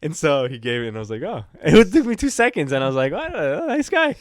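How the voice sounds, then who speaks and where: A man's voice: medium pitch, big pitch swings, quick pace, smooth, no echo, studio quality. A man co-hosting a podcast, telling a rambling story in casual chat, swearing and acting out what people said. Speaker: podcast co-host.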